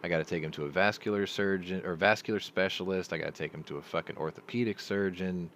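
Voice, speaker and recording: Middle-aged male chat host with a very low voice and a rambling, profane storytelling style. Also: slight background noise. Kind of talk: casual live chat.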